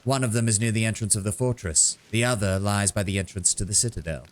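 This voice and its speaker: A man voicing a shrewd, worldly male kobold bard in a video game, speaking in a measured storytelling way. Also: on the low side, close to an everyday voice. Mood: sly. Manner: measured storytelling, grows sonorous and dramatic. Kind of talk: reading game dialogue aloud.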